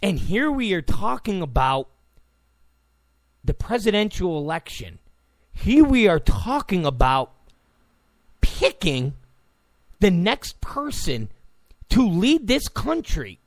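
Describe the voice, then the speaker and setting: A man rants in a high, gravelly voice that swings widely in pitch. He talks slowly and repeats his points, with sarcastic asides along the way. The sound is dry and close. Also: big pitch swings, dry recording. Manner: heated, ranting, sarcastic asides, repeats phrases. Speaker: political commentator. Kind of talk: opinionated political rant.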